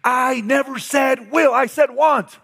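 A man doing a crying little boy shouting back. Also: very high-pitched, moderate pace, voice pushed up. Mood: whiny, upset. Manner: whiny, shouting denials. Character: crying young boy in a tantrum.

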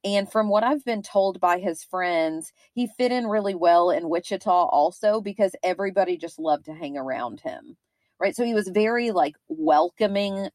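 A woman's voice: medium pitch, moderate pace, a little mellow, dry recording. A woman in her thirties with a Kentucky accent, co-hosting a true-crime podcast in a chatty, rambling way with frequent fillers. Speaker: podcast co-host.

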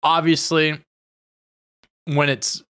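A man's voice: fairly high pitch, flat delivery, slow pace, pushed and bright, clear, resonant tone. A man co-hosting a casual wrestling podcast, talking in a laid-back way and sometimes drawing out his words. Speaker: podcast co-host.

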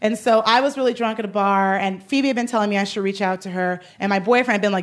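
A young adult woman host telling a rambling comic story, excitable and laughing through it. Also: mid-range voice, fast talker. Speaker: podcast host. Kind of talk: comedic storytelling.

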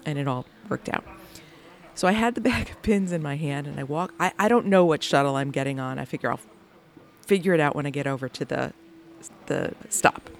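A woman hosting a podcast, telling a lively anecdote about her day, laughing often and acting out the people she quotes. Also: deep voice, fairly quick, slight background noise. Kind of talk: animated anecdotal storytelling.

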